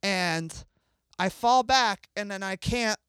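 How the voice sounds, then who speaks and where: A woman being interviewed as a guest, telling an emotional story in an animated way and acting out what people said. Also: medium pitch, takes it slowly, clear, resonant tone, dry recording. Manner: animated, acts out dialogue, swears freely. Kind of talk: emotional first-person storytelling.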